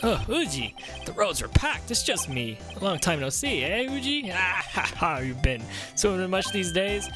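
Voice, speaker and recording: A man voicing a jolly, booming older police chief with a hearty, chummy manner, over game music. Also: big pitch swings, moderate pace, few pauses.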